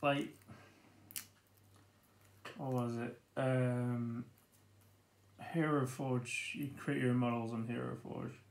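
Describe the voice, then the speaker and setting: Slow, gravelly British man unboxing. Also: medium pitch. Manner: chatty and easily excited, laughing to himself. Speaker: board game unboxing host. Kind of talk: casual unboxing commentary.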